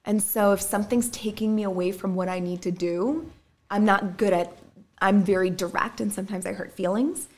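A woman's voice: medium pitch, normal speed, darkish tone. A woman in casual chat, telling a dating story bluntly and animatedly, with swearing and quoted voices.

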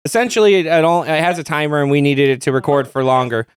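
Animated man telling a crude story. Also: fast, smooth, no room sound. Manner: animated storyteller, laughs and jumps high when telling a funny story. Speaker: podcast co-host. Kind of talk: casual chat.

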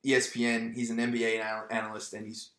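A man's voice: medium pitch, completely flat delivery, fast, a bit bright, reverberant. Candid young guy telling his story. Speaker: podcast guest, military veteran. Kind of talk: casual conversation.

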